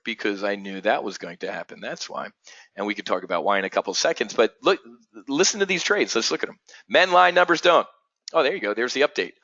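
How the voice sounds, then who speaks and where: A male trading webinar host with a forceful, bright voice, blunt and energetic, rambling as he goes. The audio is dull and lo-fi, with a dry, close sound and no room echo. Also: mid-range voice, creaky. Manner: energetic, blunt, rambling, keeps calling out "folks". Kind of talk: live trading webinar talk.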